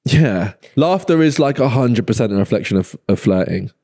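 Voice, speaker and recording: A man's voice: medium pitch, lively intonation, normal speed, warm tone. A man, chatting as a podcast guest, laughing often and acting out lines he quotes. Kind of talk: casual chat.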